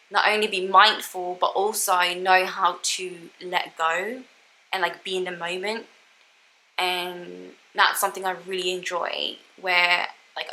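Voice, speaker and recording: A woman's voice: lowish voice, bright, forceful tone, rough recording. A young woman vlogging about solo travel in a casual, reflective chat, talking with lots of "like" and "you know what I mean". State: tearful, emotional.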